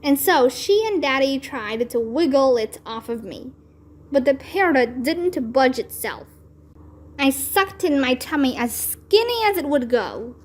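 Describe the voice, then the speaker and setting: A woman narrating a children's book aloud in an expressive, deliberate storytelling manner. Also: high-pitched. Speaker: read-aloud channel host.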